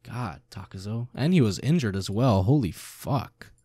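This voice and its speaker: A man reading a manga aloud and reacting to it in a casual, excitable way, swearing freely. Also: on the low side, moderate pace, husky, no echo, studio quality.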